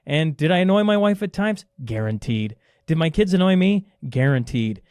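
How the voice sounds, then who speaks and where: Emphatic man, higher-pitched voice. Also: steady tone, brisk, a little mellow, smooth, no room sound, studio quality. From Canada. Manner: emphatic, ranting, answers his own rhetorical questions. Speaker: podcast guest. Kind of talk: casual conversational interview.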